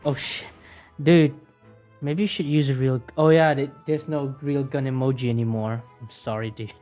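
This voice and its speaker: A woman's voice: extremely low pitch, steady tone, moderate pace, warm tone, faint music behind. A woman streamer chatting casually and teasing her chat while playing a game. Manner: teasing, joking with chat, laughing.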